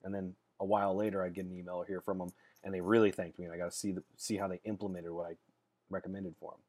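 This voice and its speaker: A man's voice: deep voice, level tone, fast talker, darkish tone. A man who works as a dating coach, talking casually to his viewers. He is blunt and straight-talking, and he rambles through his stories and restarts his sentences with repeated words. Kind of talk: casual monologue to camera.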